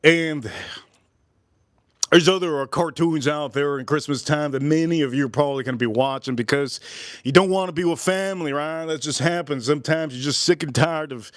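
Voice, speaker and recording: A man in his forties hosting a livestream, rambling and joking loudly as he talks straight to his chat. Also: fairly high pitch, normal speed, no room sound, studio quality. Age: 40s. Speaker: livestream host.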